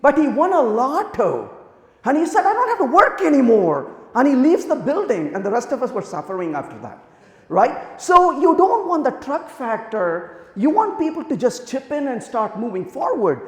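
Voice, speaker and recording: A man giving a conference talk, telling lively anecdotes and acting out the dialogue in them. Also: very high voice, moderate pace. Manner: animated storytelling, acts out quoted dialogue. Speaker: conference speaker. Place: large conference hall. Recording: echoey hall, long reverb.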